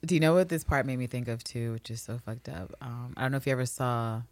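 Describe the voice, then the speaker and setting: A woman with a low voice talks through a TV episode in casual podcast chat. She swears freely, laughs often and slips into quick impressions of the characters. The sound is dry and close. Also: no echo. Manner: animated, profane, laughs often, acts out characters. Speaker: podcast co-host.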